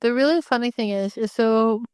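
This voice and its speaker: A woman's voice: on the high side, normal speed, smooth, dry recording, clean studio sound. A woman co-hosting a podcast, telling stories in casual chat and acting out what people said. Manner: animated storytelling, acts out voices. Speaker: podcast co-host.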